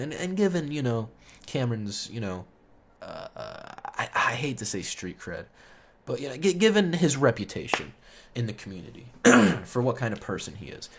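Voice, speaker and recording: A man's voice: mid-range voice, very animated, fairly quick, breathy edge. Young guy telling a story, rambly and swears a lot, lots of "you know", gets worked up, voice right in the middle. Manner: rambling, profane, heavy on fillers; gets loud and heated when indignant. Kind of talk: casual storytime monologue.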